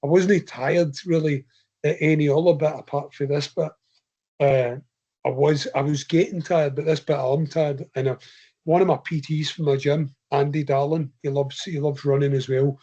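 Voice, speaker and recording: Slightly high and husky, yet mellow, this Scottish man's voice holds a steady tone at normal speed as he guests on a podcast. The ultra runner rambles through a long, casual story for the hosts, chatting loosely and laughing often, on somewhat dull lo-fi audio.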